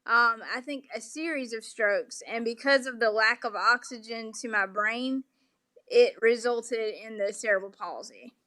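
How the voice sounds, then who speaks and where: Woman, Southern accent, interview guest, bright clear tone, slightly high voice, patient and polite. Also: steady tone, measured pace. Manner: polite, explanatory, many um fillers. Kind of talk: remote interview conversation.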